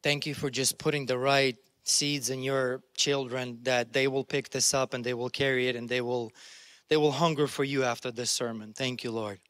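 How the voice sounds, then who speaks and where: A man's voice: medium pitch, little pitch movement, moderate pace, fairly bright tone, smooth, dry recording. Earnest preaching man, dry sound. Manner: earnest, conversational preaching with restarts. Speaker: pastor. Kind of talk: sermon.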